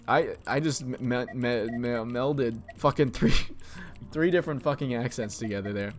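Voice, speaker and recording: A man's voice: medium pitch, normal speed, soft background music. Laid-back sweary man playing a text game. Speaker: let's play host. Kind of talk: game commentary and reading aloud.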